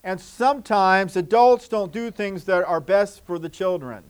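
Male pastor, fairly high voice, children's sermon, gentle and repetitive, sometimes loud, sometimes hushed. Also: measured pace, clear, resonant tone.

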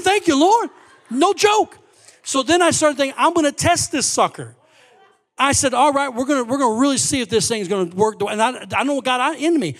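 High-voiced pastor preaching a lively testimony. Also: male voice. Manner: animated testimony, swings from quiet asides to loud exclaims. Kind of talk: sermon storytelling.

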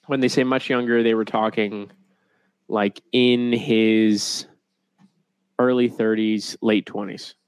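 A young man co-hosting a podcast, rambling and animated in casual chat. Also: on the low side, slow, clear, resonant tone, dry recording. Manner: rambling, animated, laughs at own jokes. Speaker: podcast co-host.

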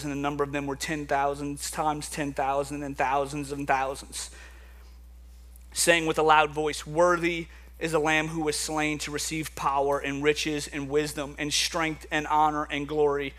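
A young man gives an animated sermon, moving between soft, quiet passages and loud, forceful bursts. His pitch sits fairly high.

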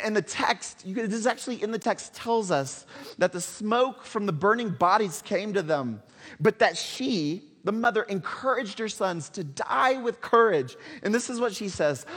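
A male pastor preaching a sermon, telling a story dramatically and swinging between loud and hushed. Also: high voice. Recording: long hall reverb.

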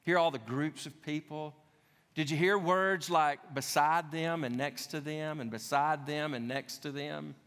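Slow, emphatic male pastor preaching. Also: a little high, steady tone, fairly bright tone, clean tone. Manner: repeats key phrases for emphasis, conversational asides. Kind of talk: sermon. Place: church sanctuary. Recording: long hall reverb.

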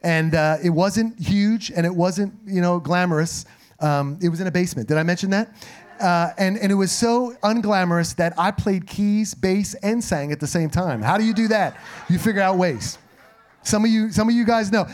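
A middle-aged pastor preaches in a high, slightly raspy voice, pitched well above most men's, at a normal pace. His sermon is loose and conversational storytelling, sprinkled with humorous, animated asides to the congregation.

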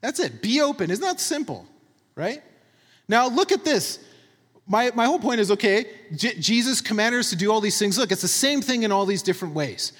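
A high-voiced man preaches with a very animated pitch. He talks in an emphatic, conversational way, keeps checking in with his listeners, and his voice carries a long hall reverb. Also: moderate pace. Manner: emphatic, conversational, tags points with "right?". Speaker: pastor. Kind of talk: sermon.

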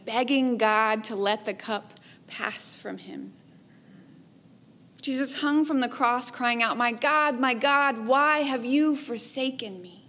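A woman delivers a sermon in a voice a little high for a woman. Her pace is slow and deliberate, her delivery measured and reflective, and her phrases trail off softly at the ends.

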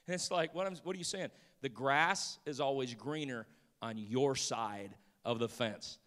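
A man's voice: medium pitch, measured pace, big-room sound. A middle-aged man preaching a sermon, telling stories and acting out the people in them. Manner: storytelling, acts out voices, builds to shouting. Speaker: pastor.

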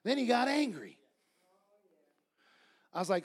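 A male pastor preaching a sermon, reading scripture and telling stories, building to loud shouts. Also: sits high, normal speed.

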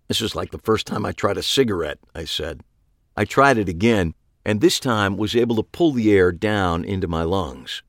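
A man narrating a first-person audiobook in a wry, deadpan manner. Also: deep voice, dry recording, clean studio sound.

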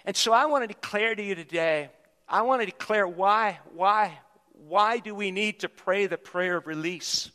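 Male pastor, high bright voice, emphatic sermon delivery, recorded in a reverberant church hall. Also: normal speed, smooth. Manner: emphatic preaching with repetitions. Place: church sanctuary.

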